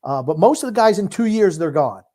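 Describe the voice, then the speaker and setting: A man co-hosting a casual sports podcast, blunt and opinionated, quick to disagree. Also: sits high, sing-song, mellow. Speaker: podcast co-host.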